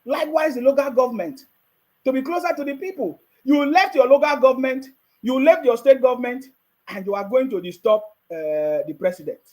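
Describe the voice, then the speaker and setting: A man's voice: very high-pitched, lively intonation, a little fast, darkish tone, low-quality recording. A man with a Nigerian accent giving mocking, casual live-stream commentary and laughing often.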